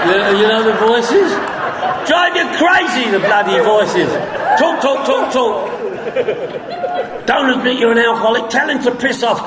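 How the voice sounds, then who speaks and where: A man telling his story at a recovery meeting, acting out the dialogue with coarse humor and sudden shouts. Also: high-pitched. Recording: echoey hall with long reverb.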